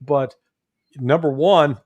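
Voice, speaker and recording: Midwestern male guest, former analyst, folksy and animated, higher voice. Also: slow, no room sound. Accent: Midwestern American. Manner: folksy, animated, chuckles often. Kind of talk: political commentary interview.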